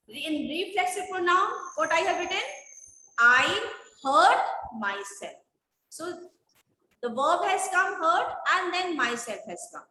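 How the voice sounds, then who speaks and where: A woman with a Nepali English accent teaching a primary school English class online, explaining slowly and checking whether students understand. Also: sits high, sharp tone, echoey room, low-quality recording. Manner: slow, deliberate explaining with repeated checks for understanding.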